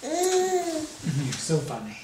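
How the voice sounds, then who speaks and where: A man feeding his baby at home, talking to her in gentle, doting, playful baby talk. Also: mid-range voice, wildly swooping pitch, takes it slowly. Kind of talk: baby talk during lunch. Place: home, at a baby's mealtime. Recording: echoey room, far from mic, loud background noise.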